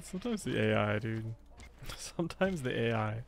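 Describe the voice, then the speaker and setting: A man narrating his strategy game in a loose, chatty way, poking fun at himself and snapping back at the computer players. His pitch swings up and down a lot, so he sounds lively and animated. His voice sits at an ordinary middle height for a man. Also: a little fast, gravelly. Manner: chatty, self-mocking, talks back at the game. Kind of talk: casual Let's Play commentary.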